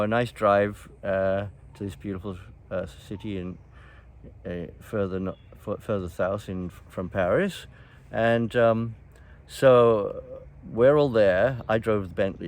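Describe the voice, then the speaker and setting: An older man hosts, spinning loose, meandering stories with plenty of "you know" and little chuckles. His voice sits a bit low. A faint hum of night insects hangs behind him. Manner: rambling, chuckles often, many fillers and restarts. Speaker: host. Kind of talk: casual reminiscing storytelling.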